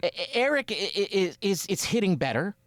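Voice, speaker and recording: Animated man rambling about baseball. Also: high-pitched, brisk, no room sound, studio quality. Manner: animated, rambling, acts out quotes. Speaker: podcast co-host. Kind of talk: casual sports chat.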